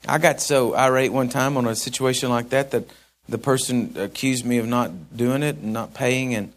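Pastor guy preaching, folksy and chatty, gets loud and fired up on his points, normal pitch. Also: steady tone, normal speed. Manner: folksy, conversational preaching that swells into emphatic shouts. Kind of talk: sermon.

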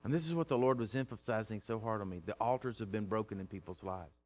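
A man preaching a sermon, folksy and teasing, swinging from loud to hushed. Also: on the low side, fast talker. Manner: plain-spoken, folksy, teasing.

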